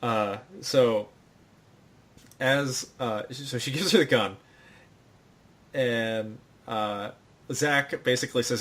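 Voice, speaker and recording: A man's voice: medium pitch, slow pace, long pauses, fairly bright tone. A man hosting a podcast, retelling a show's plot in a rambling, casual way full of fillers. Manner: rambling, filler-heavy storytelling. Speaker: podcast host. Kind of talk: casual recap chat.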